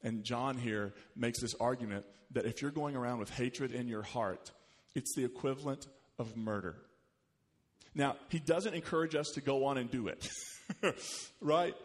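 A man preaching a sermon as pastor, animated, rising in pitch and volume when he quotes scripture. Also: moderate pace. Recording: long hall reverb.

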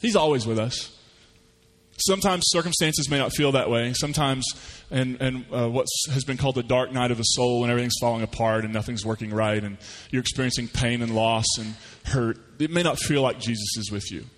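A man's voice: mid-range voice, fairly quick, in a large hall. A man preaching a sermon, telling stories in a folksy way and voicing the people in them. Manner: folksy storytelling with lively voiced asides. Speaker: pastor.

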